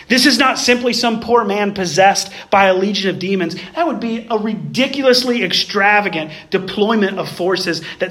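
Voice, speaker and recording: A man preaching a sermon, emphatic, swinging between raised passages and hushed ones, and addressing the listeners as "guys". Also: sits high. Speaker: pastor.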